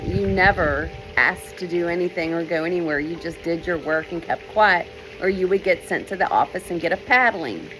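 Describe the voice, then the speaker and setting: A woman's voice: lowish voice, fairly bright tone, a little hiss or hum, low-quality recording. A woman, an author, telling a personal story from her childhood and acting out the voices she quotes. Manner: unhurried, starts many sentences with "well", acts out quoted voices.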